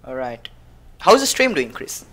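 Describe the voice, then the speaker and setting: A woman's voice: extremely low pitch, very animated, unhurried, a bit bright, slightly rough. A woman streaming a game live, chatting playfully, humming and reading the game's text aloud. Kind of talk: live let's-play commentary.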